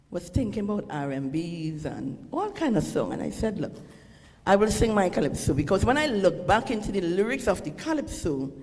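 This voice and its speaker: A woman from Trinidad and Tobago with a Trinidadian accent, a calypsonian introducing her song from a ceremony stage in an earnest, halting way. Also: on the low side, a little mellow, in a large hall. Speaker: calypsonian and guest performer.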